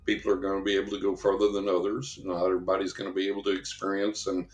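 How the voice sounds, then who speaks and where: In a podcast interview, a man who investigates psychic phenomena rambles through anecdotes at a racing pace, mimicking the voices of people he quotes. His voice is low and his delivery completely flat, and the room echoes.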